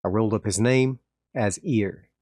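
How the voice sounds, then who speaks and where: A man's voice: fairly low pitch, normal speed, a little mellow, no room sound, studio quality. A man playing a solo tabletop game, calling out his dice rolls step by step and narrating the story. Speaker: game master and solo player.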